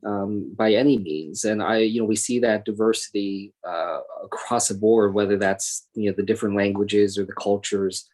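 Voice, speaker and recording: A man's voice: fairly low pitch, fairly even intonation, moderate pace, few pauses, darkish tone. A man in his thirties speaking as a congressman and guest in a panel conversation, earnest and thoughtful, with frequent fillers and restarts. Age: 30s.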